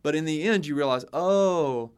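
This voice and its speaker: A man co-hosting a podcast, a teacher, talking in an animated storytelling way and quoting others. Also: a little high, normal speed, clear, resonant tone. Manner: animated, storytelling with quoted voices. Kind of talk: casual podcast discussion.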